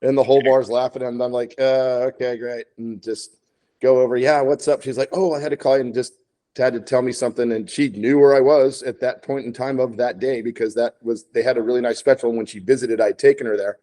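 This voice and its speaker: A man's voice: mid-range voice, fairly even intonation, fairly quick, mellow. A man co-hosting a podcast, casually telling bar stories and acting out phone calls. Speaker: podcast co-host, bartender. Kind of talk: casual storytelling chat.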